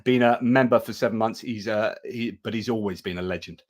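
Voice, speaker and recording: A man's voice: on the low side, brisk. Chatty man hosting live war news. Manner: chatty, thanks viewers, frequent restarts. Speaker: livestream news host. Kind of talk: casual live news commentary.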